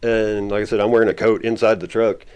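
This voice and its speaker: Low-ish voiced guy rambling through a story, laughs a lot. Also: little pitch movement, fast talker, darkish tone, smooth. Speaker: guest. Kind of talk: casual storytelling.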